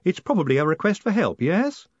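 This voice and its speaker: A man's voice: high-pitched, sing-song, fairly quick, dry recording, pitched above the performer's own voice. Man playing nervous acolyte, storybook, eager, rising tone, slightly dull sound.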